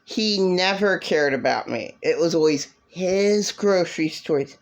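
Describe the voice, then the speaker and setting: Slow, bitter ranting woman. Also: expressive. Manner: bitter, swearing, mocking imitations in a shrill voice. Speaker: vlogger. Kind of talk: angry personal rant.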